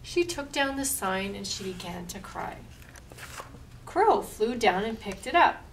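A woman reading a picture book aloud at a library storytime, slow and expressive. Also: medium pitch, creaky, recorded from a distance, a little hiss or hum, poor audio.

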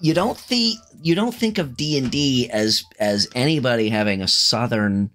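A man's voice: medium pitch, moderate pace, slight background noise. A man co-hosting a podcast, chatting casually about tabletop role-playing and swearing freely. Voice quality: profane, animated. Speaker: podcast co-host.

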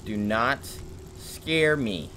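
A young man hosting a let's play, jumpy and shouting when startled, then taunting with slangy mock bravado. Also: medium pitch, lively intonation, drawn-out words, a little hiss or hum. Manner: mock-brave taunting and slangy banter with viewers. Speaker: gaming video host.

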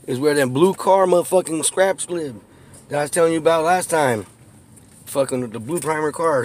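A man's voice: a little high, moderate pace. A profane man telling neighborhood stories. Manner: profane, laughing, animated storytelling. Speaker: vlogger giving a neighborhood tour. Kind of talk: casual storytelling while driving. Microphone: phone camera.

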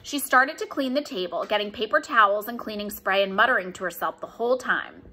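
A woman narrating a children's storybook aloud with an expressive, animated reading. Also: medium pitch, a little fast. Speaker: audiobook reader.

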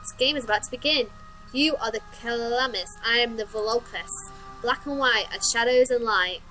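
A woman's voice: on the high side, moderate pace, sharp tone, faint music behind, poor audio. Woman doing an ancient sing-song game creature. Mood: mysterious. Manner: sing-song rhyming speech. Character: very old playful creature who runs a board game.

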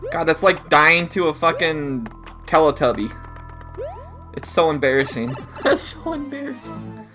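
A man giving live gameplay commentary, excitable and swearing heavily, often yelling in frustration. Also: fairly high pitch, unhurried, over music. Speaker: let's play gamer.

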